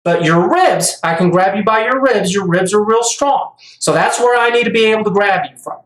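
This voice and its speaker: A middle-aged vlogger talks casually and at length in a high, slightly bright voice at a moderate pace. He rambles, repeating words when he restarts sentences, and grows emphatic as his monologue turns into a rant, all in an echoey room.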